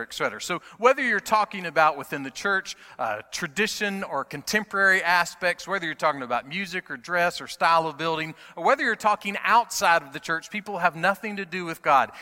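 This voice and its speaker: A middle-aged male pastor preaching a sermon, swinging between hushed moments and emphatic, rising passages. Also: high voice. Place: church sanctuary. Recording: long reverb of a large hall.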